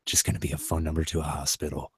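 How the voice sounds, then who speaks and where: Man, very deep and husky, dry close sound, drops growled threat-jokes. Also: completely flat delivery, very fast, no room sound. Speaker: stream co-host. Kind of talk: casual chat.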